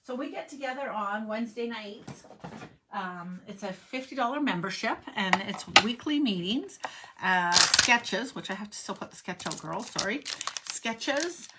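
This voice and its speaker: A woman's voice: mid-range voice, lively intonation, normal speed, heavy background noise. Chatty woman demonstrating card stamping. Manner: rambling, self-interrupting, talks to herself while working. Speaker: stamping instructor. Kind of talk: chatty live craft demonstration.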